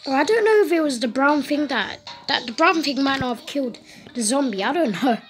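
Playing a game at home, a high-pitched woman offers casual commentary, flustered and eager, repeating herself in short, fast bursts. Music can be faintly heard behind her.

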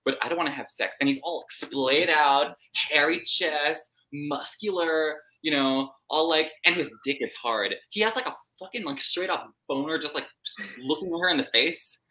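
A woman with a low but bright, sharp-edged voice hosts a live book club discussion. She tells the story bluntly and swears freely, putting on mock voices as she goes. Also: measured pace. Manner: blunt, profane, animated retelling with mock voices.

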